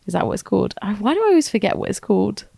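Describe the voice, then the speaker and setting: A woman's voice: mid-range voice, big pitch swings, very fast, vocal fry, warm tone, no echo. A woman co-hosting a podcast, chatting casually and rambling as she thinks aloud. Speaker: podcast co-host. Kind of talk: casual chat.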